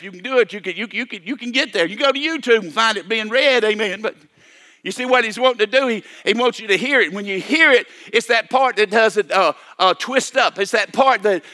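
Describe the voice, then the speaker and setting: An older man delivers a sermon in a high, bright voice. He repeats himself, restarts phrases and keeps calling for amens. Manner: repetitive, stammering restarts, calls for amen. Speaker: preacher.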